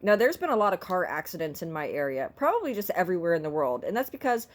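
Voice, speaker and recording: A woman's voice: fairly low pitch, very animated, fast. Exasperated middle-aged woman ranting. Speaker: vlogger. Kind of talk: casual storytelling vlog.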